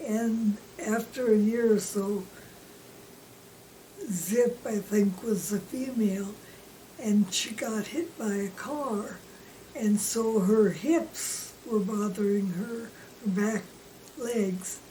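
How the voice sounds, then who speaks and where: A woman recalling preschool memories in an interview, slow and gentle. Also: mid-range voice, steady tone. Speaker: former preschool worker. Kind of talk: interview storytelling. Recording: distant mic, faint room noise.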